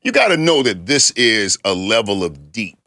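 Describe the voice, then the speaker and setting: A man hosting a casual interview show, reacting often with quick affirmations. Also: on the low side, no echo, studio quality. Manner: lively, reacts with frequent affirmations. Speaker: talk show host.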